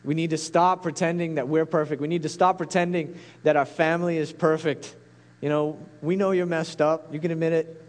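A man's voice: fairly high pitch, level tone, brisk. A man preaching a sermon as a pastor, earnest and pleading, building to intense peaks.

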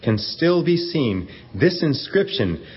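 A man narrating a story in a steady, earnest way, in a dull stage recording. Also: fairly high pitch, slow, husky. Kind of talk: scripted narration. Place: church event stage.

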